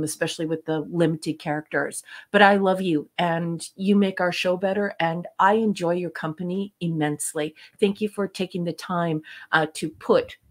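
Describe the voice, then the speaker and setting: Emphatic lower-voiced woman co-host. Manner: emphatic and affectionate, speaks in forceful declarations. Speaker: podcast co-host. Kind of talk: casual chat.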